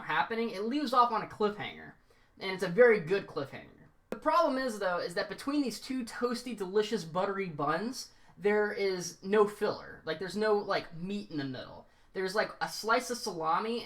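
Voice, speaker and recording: A woman's voice: medium pitch, fairly bright tone. Casual, rambling woman reviewer. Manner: rambling, with filler words and jokey tangents. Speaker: show reviewer.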